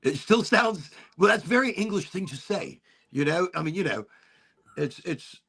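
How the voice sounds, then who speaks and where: A man hosting a casual live chat show from home, rambling and repeating himself, getting animated as he tells stories. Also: high voice, moderate pace, vocal fry, slightly rough. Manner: rambling, repeats words, animated when storytelling. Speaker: podcast host.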